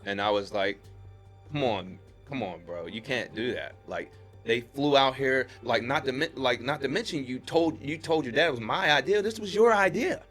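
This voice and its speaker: A man from Pittsburgh, a podcast guest, telling a story in casual chat and acting out the quotes with his voice jumping up high. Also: normal speed, faint music behind. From Pittsburgh, USA. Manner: animated retelling, acts out quotes with rising pitch.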